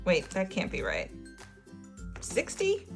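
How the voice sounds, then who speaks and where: A woman's voice: mid-range voice, a little slow, a bit bright, soft background music. A middle-aged woman hosting a budgeting channel, chatting casually and laughing as she counts money aloud. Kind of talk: casual chat while cash stuffing.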